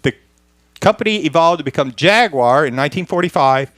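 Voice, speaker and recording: A man's voice: on the high side, animated, brisk, fairly bright tone, dry recording, clean studio sound. A man presenting a history segment on a radio car talk show, reading from a script with a good-humored chuckle.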